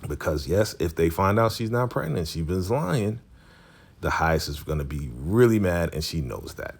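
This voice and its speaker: A man hosting his channel, giving a casual, animated, slangy recap of a TV episode. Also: sits low, normal speed, vocal fry, breathy edge. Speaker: channel host.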